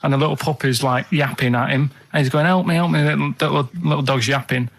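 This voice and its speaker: A man's voice: mid-range voice, level tone, fast talker, gravelly, fairly bright tone. A man on a radio show, chatting casually and telling rambling, earnest stories.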